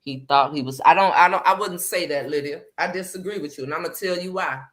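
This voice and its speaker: A woman hosting a casual live chat, animated and slangy, greeting viewers by name as she talks. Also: low-pitched, brisk. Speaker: livestream host.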